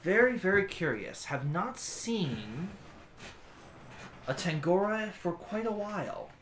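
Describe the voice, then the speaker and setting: A man voicing an ancient male shade who speaks slowly in a hushed, eerie way, in an echoey room. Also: high voice, very animated, a little hiss or hum, exaggerated voice.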